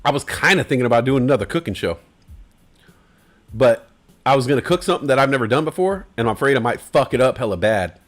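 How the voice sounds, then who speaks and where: A man's voice: mid-range voice, animated, fast, soft background music. A man hosting a casual livestream, talking in loose, profane, rambling banter. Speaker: livestream host.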